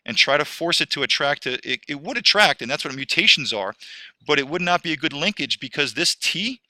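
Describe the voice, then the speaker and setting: A man's voice: on the high side, expressive, brisk, sharp tone, no echo. A man teaching a screen-recorded lesson, rambling and correcting himself as he talks through each step.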